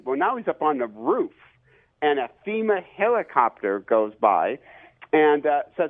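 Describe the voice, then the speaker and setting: A man, an author and professor, telling lively stories with many fillers as a guest on a radio interview. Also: on the high side, unhurried. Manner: lively, animated storyteller with fillers. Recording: tinny phone line.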